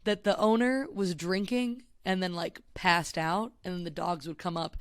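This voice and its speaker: A woman's voice: fairly low pitch, steady tone, moderate pace, no room sound, studio quality. A woman co-hosting a comedy podcast, chatty and giggly as she relays a news story. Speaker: podcast co-host. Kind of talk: casual comedic chat.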